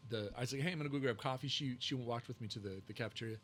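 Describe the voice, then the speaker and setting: A man with an average-pitched voice rambles through casual stories as a podcast guest, circling back with fillers and restarts. A faint hiss sits under the recording. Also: rapid-fire, fairly bright tone. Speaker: podcast guest, cigar maker. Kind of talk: casual storytelling.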